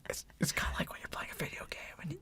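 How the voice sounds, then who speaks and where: A man's voice: quick pace, pushed and bright. A young man co-hosting a podcast in whispered ASMR chat, rambling and self-deprecating, laughing often. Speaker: podcast co-host.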